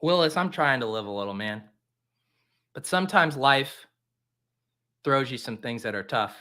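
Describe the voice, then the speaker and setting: A man's voice: medium pitch, lively intonation, moderate pace, bright, forceful tone. A man hosting a fantasy football show, talking casually and mocking himself as he drafts live and talks to his viewers.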